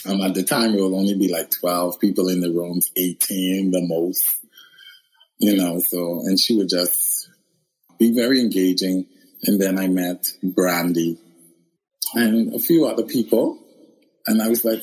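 A man's voice: deep voice, a little slow, slightly rough, poor audio. A man from the Bahamas, a guest in a casual interview, telling his story expressively and laughing often. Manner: expressive, laughs often, acts out quoted voices.

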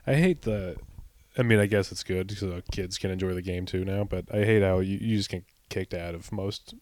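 A man's voice: sits low, moderate pace, darkish tone. A young man, co-hosting a casual podcast and telling loose, profane, laughing stories. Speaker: podcast co-host. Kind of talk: casual chat.

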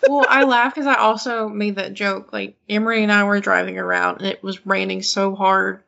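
Woman, podcast co-host, casual chat, teasing, vocal fry, lo-fi audio. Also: medium pitch, moderate pace. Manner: relaxed storyteller, teasing.

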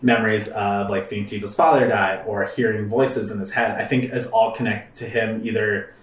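A man's voice: on the low side, steady tone, normal speed, roomy sound, far from the mic. A man hosting a let's play, chatting casually with rambling fillers and swearing. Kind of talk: casual gaming commentary.

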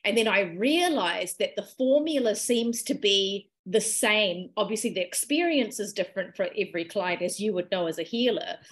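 A woman, a podcast guest telling a personal healing story in a lively, emotional way and acting out quoted dialogue. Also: medium pitch, normal speed, few pauses. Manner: animated, emotional retelling with quoted dialogue and laughs.

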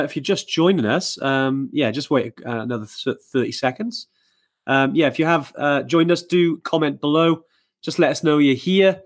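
A man co-hosting a live podcast, chatting casually with lots of fillers and restarts. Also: on the high side. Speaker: podcast co-host. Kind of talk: casual live-stream chat.

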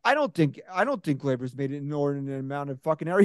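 A man hosting a sports podcast, ranting casually and profanely, getting loud and heated. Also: a little high, sing-song, fast talker, no echo. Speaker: podcast host.

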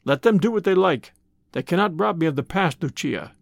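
Gallant young hero from a storybook, earnest and proud, lively pitch, man doing him in his own voice, dry mic. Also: brisk, creaky, dry recording.

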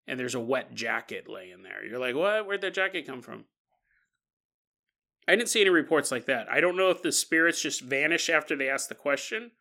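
Bright-voiced man riffing on ghost stories. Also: mid-range voice, lively intonation, a little fast, few pauses. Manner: playful, riffing, jokey asides. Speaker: podcast host. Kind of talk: casual paranormal storytelling.

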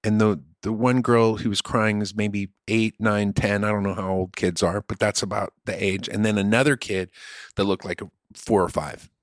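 A man's voice: on the low side, level tone, normal speed, no echo, studio quality. A man telling a story in casual chat, earnest and often restarting his sentences.

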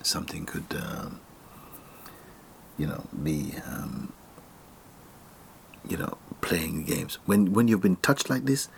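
A man from Jamaica giving a casual spiritual talk, animated and often laughing, sometimes sinking to a near whisper. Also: deep voice, takes it slowly, gravelly, long pauses, a little hiss or hum.

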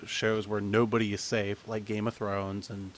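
A man's voice: fairly low pitch, flat delivery, normal speed. A man hosting a casual anime review podcast, chatty, with frequent restarts and laughs. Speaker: podcast host.

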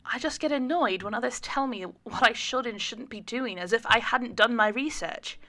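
Curt, self-conscious pregnant woman, read by a woman narrator in a storybook reading; mellow tone. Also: on the high side, normal speed, voice pushed up. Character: pregnant woman, guarded and a bit prickly.

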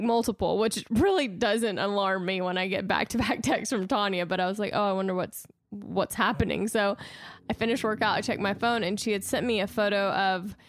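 A young woman co-hosting a podcast, telling a story in an animated, laughing way. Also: mid-range voice, no room sound, studio quality. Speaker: podcast co-host. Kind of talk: casual chat.

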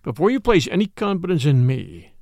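A man reading the part of a haunted, weary middle-aged male medical assistant in a low, stern and resolute way, in a dramatic audiobook. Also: sing-song, brisk, gravelly, darkish tone, dry recording, clean studio sound.

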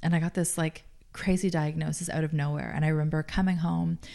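Gravelly low-voiced woman. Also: fairly even intonation, a little fast, warm tone. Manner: earnest, thoughtful, frequent "like" fillers. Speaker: guest. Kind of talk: casual interview talk.

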